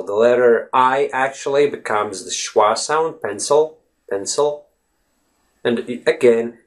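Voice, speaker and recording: A man hosting a lesson, answering a viewer's question in a relaxed, thinking-aloud way, with many fillers and example words said over and over. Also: mid-range voice. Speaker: English teacher, channel host.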